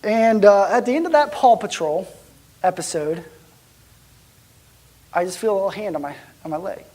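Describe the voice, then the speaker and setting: In his sermon, a man tells a story about himself in a casual way, with many restarts and repeated dips to a near whisper. The pastor's voice is high and animated, moving at a moderate pace.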